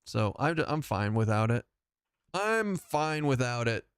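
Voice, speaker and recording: A man's voice: mid-range voice, sing-song, a little slow, clear, resonant tone, no echo, studio quality. A man chatting casually as he streams a game live, rambling and self-mocking and laughing often.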